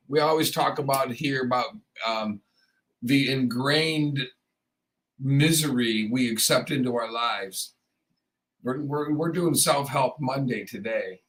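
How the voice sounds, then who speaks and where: A man's voice: mid-range voice, fairly bright tone, rough recording. A man hosting a morning radio show in a studio, chatting casually in a rambling, joking, self-deprecating way, with a slightly froggy voice. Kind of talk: casual on-air chat.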